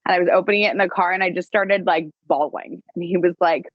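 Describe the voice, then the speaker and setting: A woman co-hosting a podcast in casual chat, an animated storyteller who acts out what others said. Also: fairly low pitch, fast talker, dry recording, highs cut off. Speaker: podcast co-host.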